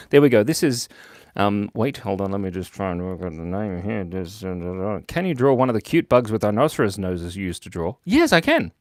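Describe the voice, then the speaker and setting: Fairly low-pitched and a bit mellow, this man speaks at a moderate pace in studio-quality audio without room sound. He's hosting a relaxed drawing stream, joking around, reading out viewer comments, and giggling frequently.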